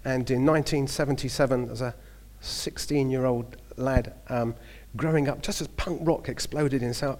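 Cockney preacher in his fifties, mid-pitched, chatty and storytelling, trips over his words. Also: fairly even intonation, normal speed, darkish tone. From southeast London. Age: 50s. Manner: chatty storytelling with hesitations and restarts. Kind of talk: sermon.

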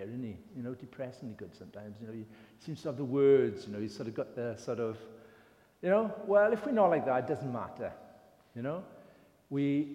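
Warm and mid-range, the voice belongs to an older English lay preacher giving a casual sermon. He's telling a story in a chatty, self-deprecating style, recorded in a hall with plenty of reverb.

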